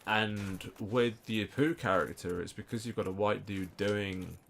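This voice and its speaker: Unhurried and creaky, yet a bit bright, this young man from the UK has a lowish voice with fairly even intonation. As a let's play co-host, he trades sweary, jokey gaming banter and wanders into long rants, with faint noise in the background.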